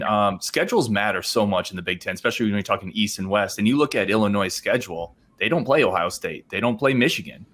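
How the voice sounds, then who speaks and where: Fast-talking low-voiced man. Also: a bit bright. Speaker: podcast guest. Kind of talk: casual panel chat.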